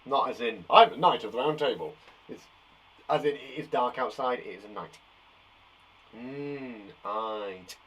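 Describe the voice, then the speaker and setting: A man with a medium-pitched, fairly bright, husky voice speaks a bit slowly while teaching phonics to young children online. He keeps things upbeat and playful, with singing, jokes, and lots of praise.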